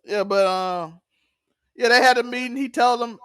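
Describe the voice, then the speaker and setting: A man's voice: extremely high pitch, normal speed, clean tone, dry recording, clean studio sound. A man co-hosting a podcast, chatting casually about a TV episode, laughing often and acting out characters' lines. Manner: animated, laughs often, acts out quotes. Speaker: podcast co-host. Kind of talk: casual TV recap chat.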